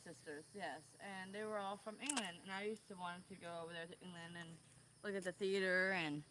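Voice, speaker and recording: A woman chatting casually on a vlog, meandering and pausing often with ums and trailing sentences. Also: fairly low pitch, fairly even intonation, noisy background. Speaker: vlogger. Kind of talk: rambling casual chat.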